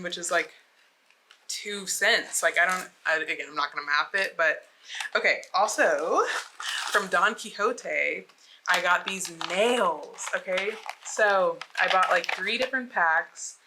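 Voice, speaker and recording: A young woman from the States chats through an unboxing in an easy, bubbly way, sprinkling filler words through every sentence. Her voice sits fairly low for a woman. A steady hum of noise runs under the recording. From United States. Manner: bubbly, chatty, lots of "like" fillers. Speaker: vlogger. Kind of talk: casual unboxing chat.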